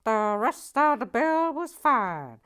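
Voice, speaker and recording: A woman doing loud, brassy Boston Nancy. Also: big pitch swings, clean tone, heavily acted. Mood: boisterous. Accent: attempted Boston, admittedly poor. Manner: loud, high, drawn-out, scatting nonsense syllables.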